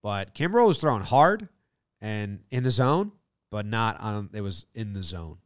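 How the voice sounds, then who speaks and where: A man co-hosting a casual baseball podcast, breaking down calls in animated detail. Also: fairly low pitch, measured pace, dry recording, clean studio sound. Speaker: podcast co-host. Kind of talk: casual sports chat.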